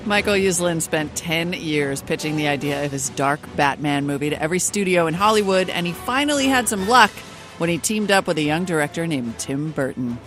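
A man presenting a broadcast news segment in a crisp, wrap-up manner. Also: on the high side, animated, brisk, music in the background.

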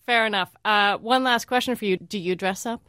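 A woman's voice: medium pitch, fairly quick, bright, forceful tone, dry recording. A woman hosting a radio interview show in a studio, friendly and lightly teasing with her callers.

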